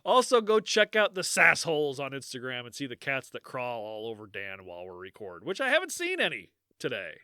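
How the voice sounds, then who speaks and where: A man's voice: medium pitch, wildly swooping pitch, a little fast, hardly any pauses, bright, forceful tone, clean tone, dry recording, clean studio sound. A man co-hosting a podcast in casual chat, joking and laughing often. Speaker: podcast co-host.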